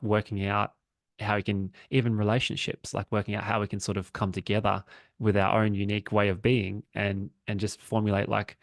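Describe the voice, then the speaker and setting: A man's voice: on the low side, creaky, dry recording, studio quality. A man chatting casually and reflectively on a podcast, swearing freely. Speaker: podcast co-host. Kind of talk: casual chat.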